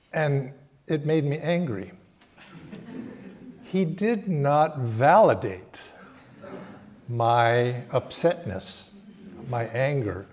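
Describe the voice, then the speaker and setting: Older guy preaching real slow, thoughtful, stops and restarts a lot, mid-pitch voice. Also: lively intonation. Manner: slow, reflective, halting phrasing with frequent restarts and soft laughs. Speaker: spiritual teacher giving a Sunday talk. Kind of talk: sermon with personal storytelling.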